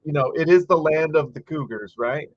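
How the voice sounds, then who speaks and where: A man hosts a casual live stream while watching a game. He chats over it, reads viewer comments aloud and breaks into frustrated little rants. His voice sits a bit high with a husky edge, caught on dull, dry, lo-fi home audio. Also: moderate pace, no echo. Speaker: livestream host.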